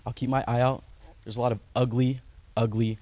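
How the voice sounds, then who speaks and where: A man's voice: mid-range voice, little pitch movement, fairly quick, warm tone, dry recording. A man cutting an in-character wrestling promo as a wrestler, cocky, vain and taunting.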